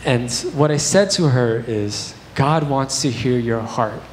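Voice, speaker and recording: A man's voice: medium pitch, slow. A young man preaching a sermon, candid and conversational, telling personal stories with casual fillers. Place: church sanctuary. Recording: echoey church hall with faint noise.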